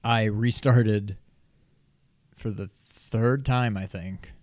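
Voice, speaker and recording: A man's voice: fairly low pitch, fairly even intonation, extremely slow, no room sound. A man co-hosting a casual gaming podcast, laid-back and a bit hesitant, stretching out his words. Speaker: podcast co-host.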